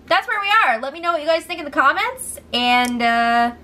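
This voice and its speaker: Gossipy higher-voiced woman recapping. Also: normal speed. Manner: animated, gossipy, swears freely. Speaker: reality show recap vlogger. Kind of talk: casual spoken recap.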